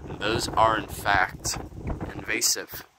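A man's voice: little pitch movement, slow. A man giving easygoing, explanatory commentary on a nature walk by a river, loose with fillers, recorded on a handheld camera mic outdoors. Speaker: nature vlogger. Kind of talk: walking nature tour commentary. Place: outdoors by a river in a windy garden. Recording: wind rumble on outdoor mic. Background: wind noise.

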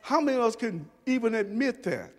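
High-voiced man preaching with big swings. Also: sing-song, a little fast, long reverb tail. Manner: swings from soft low murmurs to shouted emphasis. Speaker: pastor. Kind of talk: preaching a sermon. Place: church sanctuary.

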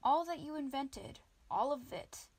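A woman's voice: sits high, expressive, unhurried, no echo, voice pushed up. A woman voicing a bold, insistent man urging a reluctant ally, in a storybook reading. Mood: urgent. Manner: urgent, insistent.

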